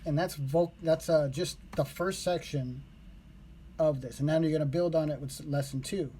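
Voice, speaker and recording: A man's voice: fairly high pitch, steady tone, moderate pace, warm tone, a little hiss or hum. A man casually talking a viewer through what he learned, rambling and correcting himself as he goes. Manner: rambling, with fillers and self-corrections. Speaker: language learner vlogger. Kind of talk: casual explanation to camera.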